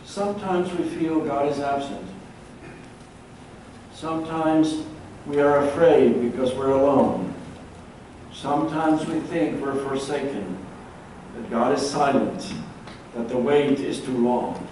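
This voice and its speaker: A man, preaching a sermon as pastor and telling a story in a measured, earnest way. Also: fairly high pitch, warm tone, a little hiss or hum. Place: large church hall. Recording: echoey church recorded from far off.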